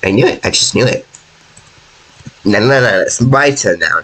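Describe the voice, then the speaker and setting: A man's voice: fairly low pitch, expressive, normal speed, a bit bright, breathy edge. A young man giving live commentary on his own gameplay, frantic and pleading, often mocking himself. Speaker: gaming YouTuber. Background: game music.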